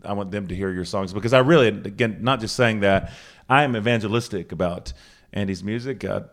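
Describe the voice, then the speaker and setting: A man's voice: on the low side, fairly quick. Rambling man hosting a house show. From Charlotte, North Carolina. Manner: rambling, self-interrupting, jokey. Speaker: podcast host. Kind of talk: casual live talk at a house concert. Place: living room house show with a small audience.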